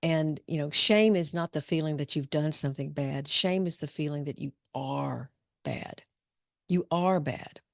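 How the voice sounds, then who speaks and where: A woman's voice: low voice, measured pace, gravelly, no room sound, studio quality. A middle-aged woman, a psychologist giving an informal talk to students, telling stories with many restarts. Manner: conversational, storytelling with restarts. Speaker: psychologist leading a discussion.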